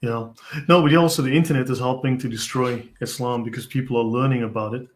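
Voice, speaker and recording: A man's voice: mid-range voice, fairly even intonation, fast talker. Man hosting in an everyday mid voice. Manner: rambling, hedges often with "I mean". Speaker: host. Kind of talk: casual conversational discussion.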